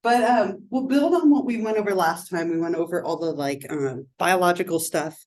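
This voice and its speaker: A woman's voice: lowish voice, moderate pace, low-quality recording. Chatty woman lecturing with a sore voice. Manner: chatty, animated, peppers talk with "like" and "right?". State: sore, strained voice. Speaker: psychology instructor. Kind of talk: classroom lecture. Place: college classroom.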